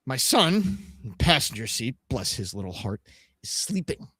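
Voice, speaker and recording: A man's voice: medium pitch, big pitch swings, unhurried, pushed and bright, slightly rough, no room sound, studio quality. A middle-aged man co-hosting a podcast, telling a road-trip story casually, swearing and making sound effects. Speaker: podcast co-host.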